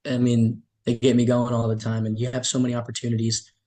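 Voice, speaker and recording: A man's voice: medium pitch, completely flat delivery, fast, warm tone. A man who is a youth leader and hospitality worker, telling stories as a podcast guest in an enthusiastic, grateful way with frequent restarts. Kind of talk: casual storytelling in an interview.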